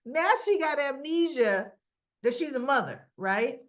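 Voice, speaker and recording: A woman's voice: sits high, expressive, measured pace, dull audio. Chatty woman recapping a soap. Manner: chatty and opinionated, retells scenes acting out lines. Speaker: soap opera recap host. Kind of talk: casual chat.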